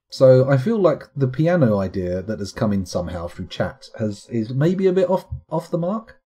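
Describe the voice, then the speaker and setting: A man's voice: mid-range voice, dark tone, slightly rough. A man chatting playfully on a live stream, rambling and breaking into vocal sound effects. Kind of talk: casual live-stream chat.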